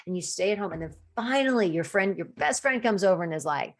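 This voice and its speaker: A woman's voice: lowish voice, fast talker, few pauses. A woman hosting a solo podcast as a coach, talking casually with many restarts and acting out quoted thoughts. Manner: chatty, acts out quoted inner voices with restarts.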